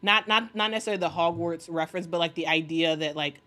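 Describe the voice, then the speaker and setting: Woman, slightly low voice, casual livestream host, rambling, lots of fillers and restarts, enthusiastic, laughs often. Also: fast talker, a bit bright. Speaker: sports commentary host reading live chat.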